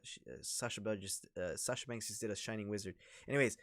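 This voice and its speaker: A man casually commenting on a wrestling match during a livestream, rambling and excitable, with plenty of fillers. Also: lowish voice, a little fast, hardly any pauses, no echo, studio quality. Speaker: livestream host.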